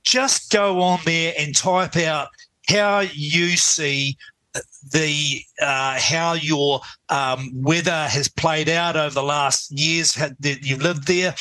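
Guest spot: New man, earnest and rambling, fairly high and bright, dry studio sound. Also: dry recording. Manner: earnest, rambling with many restarts. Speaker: lawyer guest. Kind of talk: casual radio chat.

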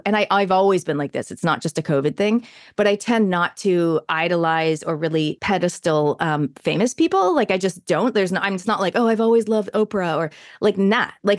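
A woman's voice: fairly low pitch, no echo, studio quality. A woman in her thirties with a Canadian accent, chatting in an interview in an enthusiastic, talkative way with lots of fillers. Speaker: interview guest. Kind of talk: casual interview chat.

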